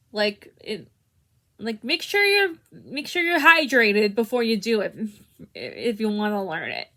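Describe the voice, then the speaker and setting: A young woman explains a harmonica technique in a casual tutorial. Her voice sits a little high and she talks slowly. She hesitates often and restarts her sentences. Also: a bit bright. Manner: hesitant, many restarts and fillers. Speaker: harmonica teacher.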